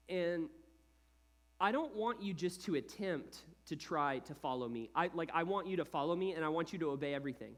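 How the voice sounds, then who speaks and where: A man in his thirties preaching a sermon as a pastor, in an animated, conversational style with lots of casual asides. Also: a little high, fairly quick.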